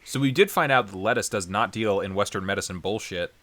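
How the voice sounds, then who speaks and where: A man's voice: on the low side, brisk, a bit bright. A man co-hosting a casual podcast chat, rambling with lots of fillers and frequent laughs. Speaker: podcast co-host.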